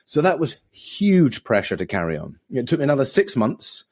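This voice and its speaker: A middle-aged man, a podcast guest, telling his story in a relaxed conversational way and acting out quoted voices. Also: moderate pace, dry recording, clean studio sound. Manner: acts out quoted voices with big pitch jumps.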